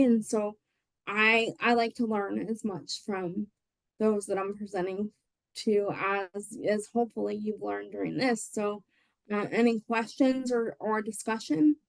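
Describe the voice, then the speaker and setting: A woman's voice: mid-range voice, dry recording, low-quality recording. A woman giving a casual webinar presentation, rambling with lots of fillers and restarts. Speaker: presenter on voting rights.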